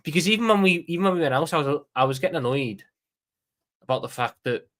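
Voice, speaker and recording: On the high side and fast, the voice is animated with a fairly bright tone. It belongs to a Liverpool man with a Scouse accent who hosts a live watchalong stream, chatting casually and animatedly with plenty of swearing and repeated words.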